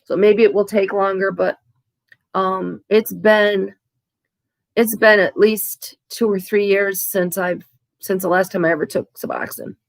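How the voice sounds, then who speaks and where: A woman vlogger speaking candidly and haltingly about her own recovery, with frequent restarts. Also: mid-range voice, fairly even intonation, gravelly, no room sound. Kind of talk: candid, emotional to-camera talk.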